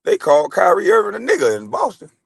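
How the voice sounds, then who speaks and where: A man's voice: high-pitched, wildly swooping pitch, fast talker, gravelly, breathy edge, no room sound. A man, hosting a casual livestream and bantering loosely with chat, swearing and laughing. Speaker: livestream host.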